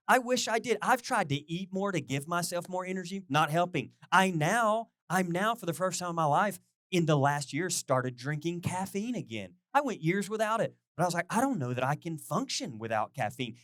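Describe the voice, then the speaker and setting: A middle-aged man preaching a casual, conversational sermon as a pastor, chatty and animated, often asking his listeners questions. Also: high voice, normal speed, dry recording, clean studio sound.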